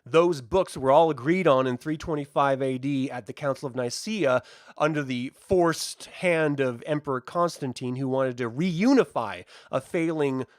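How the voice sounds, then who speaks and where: A man hosting a casual spoiler film review, chatty and joking with an animated delivery. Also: mid-range voice, moderate pace, dry recording, clean studio sound. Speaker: host.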